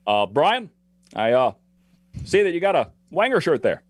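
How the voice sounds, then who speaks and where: A composed male statesman speaks in slow, halting phrases, drawing out each word before cutting it off, as a man imitates him. His voice sits somewhat higher than usual. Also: very animated, dry recording. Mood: teasing. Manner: halting pauses, drawn-out words, rising lilt. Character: impression of a calm, measured male statesman.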